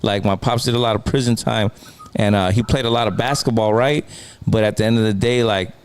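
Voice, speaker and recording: A man's voice: lowish voice, fairly even intonation, a little fast, clean tone. A man co-hosting, talking in a slangy, reflective way.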